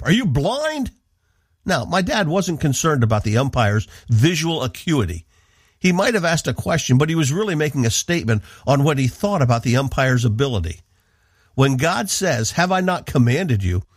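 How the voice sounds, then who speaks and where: A man's voice: mid-range voice, animated, normal speed, husky, no echo. A man from the northeastern United States, a radio Bible teacher giving an earnest, emphatic devotional talk into a studio microphone.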